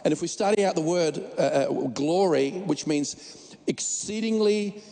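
Gravelly high-voiced preacher. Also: male voice, measured pace, warm tone, in a large hall. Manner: joking, emphatic preaching with restarts. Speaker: pastor. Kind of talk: sermon.

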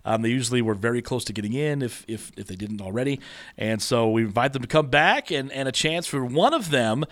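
A man's voice: medium pitch, expressive, a little fast, fairly bright tone. A man co-hosting a podcast, talking casually with lots of fillers and restarts. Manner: rambling, teasing, many fillers and restarts. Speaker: podcast co-host and competition organizer.

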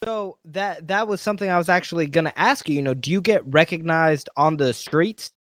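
A man with a somewhat high voice asks questions as the host of a relaxed interview. His delivery is easygoing and chatty, and the recording sounds dry and close. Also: a little fast, no echo. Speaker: podcast interviewer.

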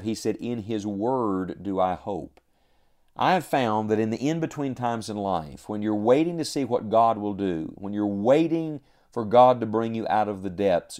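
Low, mellow-voiced man preaching. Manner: earnest preaching, repeated phrases, scripture quoting. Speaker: pastor. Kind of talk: sermon.

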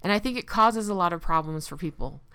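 Earnest woman with a smooth, resonant voice. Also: fairly low pitch, animated, pushed and bright, no echo. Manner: earnest, measured, with rhetorical questions and sarcastic quoting. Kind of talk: reflective personal monologue.

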